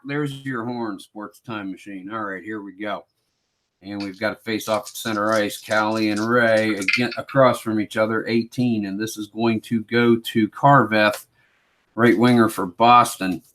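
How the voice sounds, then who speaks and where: A man running a solo tabletop hockey game, calling each play like a sportscaster in a relaxed, self-mocking way. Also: lowish voice, unhurried, slight background noise. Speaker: board game player and host.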